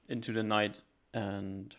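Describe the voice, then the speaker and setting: A man's voice: fairly low pitch, flat delivery, slow pace. A man narrating as game master in a tabletop role-playing session, describing scenes loosely with many fillers. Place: home setup, live stream.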